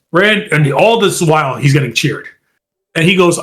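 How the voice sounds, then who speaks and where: A man's voice: on the high side, lively intonation, moderate pace, fairly bright tone. A man co-hosting a podcast in casual chat, animatedly retelling events and acting out quotes in a raised voice. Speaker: podcast co-host.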